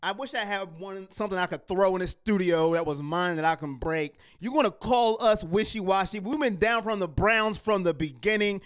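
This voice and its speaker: An emphatic man hosts a live sports fan show, repeating his lines for effect as he vents and reads out the chat. His voice sits high and swings widely in pitch. It comes through smooth and clear. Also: sing-song, normal speed, few pauses, fairly bright tone. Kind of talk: heated fan rant and live chat reading.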